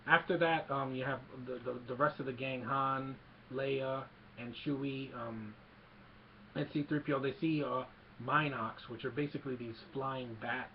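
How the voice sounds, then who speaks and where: A man's voice: mid-range voice, vocal fry, slight background noise. A man giving a casual, rambling film recap, retelling scenes and quoting lines, on a slightly dull lo-fi home recording. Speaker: movie reviewer.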